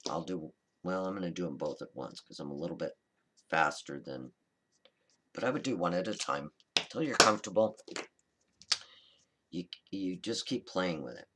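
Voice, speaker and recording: A man hosting a card-making tutorial, talking through a coloring demonstration in a relaxed, chatty, reassuring way and often correcting himself mid-sentence. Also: low-pitched, moderate pace, long pauses, noisy background. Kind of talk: casual step-by-step crafting demonstration.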